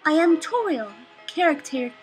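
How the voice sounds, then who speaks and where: A woman doing a gentle motherly goat woman, mock English. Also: high-pitched, sing-song, measured pace, faint music behind. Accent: put-on English. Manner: soft, formal and kindly.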